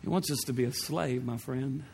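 A man's voice: mid-range voice, moderate pace, gravelly, a little mellow, slight background noise. A male pastor preaching a sermon with fervent, repetitive phrasing and rhetorical questions. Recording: long reverb of a large hall.

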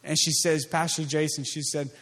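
High-voiced man preaching with emphasis. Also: level tone. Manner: emphatic, repetitive preaching cadence; drops to a soft, slow voice on key lines. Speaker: pastor. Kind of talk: sermon.

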